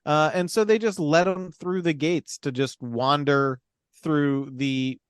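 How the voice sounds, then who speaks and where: Man, podcast co-host, casual movie recap, wry, profane, filler-heavy, smooth voice, dry sound. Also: on the high side, fairly even intonation, slow, no room sound.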